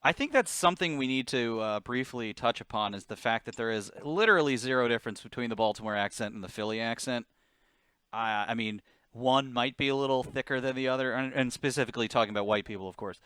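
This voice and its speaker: A man's voice: medium pitch, quick pace, a bit bright, clean tone, no echo, clean studio sound. A man co-hosting a podcast, talking in a rambling, casual way and laughing often. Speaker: podcast co-host. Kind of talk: casual chat.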